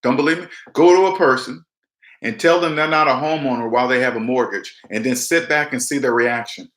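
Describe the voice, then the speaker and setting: A man's voice: mid-range voice, a little fast, a bit bright, echoey room. A man in his forties giving a casual motivational talk to his viewers, repeating himself and acting out other people's lines. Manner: preachy, repetitive, talks straight to viewers, acts out quotes. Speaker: personal finance vlogger. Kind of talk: casual motivational monologue to camera.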